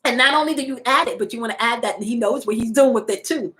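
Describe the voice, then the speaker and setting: A woman's voice: fairly high pitch, quick pace, sharp tone, slight background noise, low-quality recording. A woman in her forties hosting a casual spiritual live stream, speaking frankly and playfully to her viewers and laughing often. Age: 40s. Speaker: spiritual host reading live chat.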